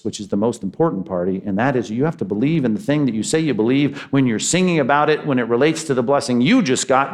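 A man preaching a sermon, animated and acting out the voices he quotes. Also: mid-range voice. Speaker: pastor.

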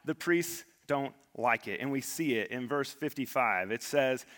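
A man's voice: medium pitch, a little slow, fairly bright tone. A man preaching a sermon as pastor, earnest and emphatic, often repeating words as he builds a point. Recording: long hall reverb.

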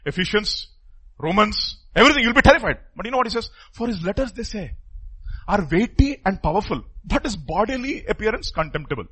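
A pastor preaching a sermon emphatically, his voice swinging from loud outbursts to hushed asides. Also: high-pitched, big pitch swings, fairly quick, slightly rough.

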